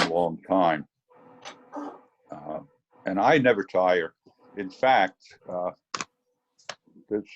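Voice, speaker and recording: Brief: low, husky man, fly fishing teacher, rambling anecdotes on a video call. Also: a little mellow, highs cut off. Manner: rambling storyteller with fillers.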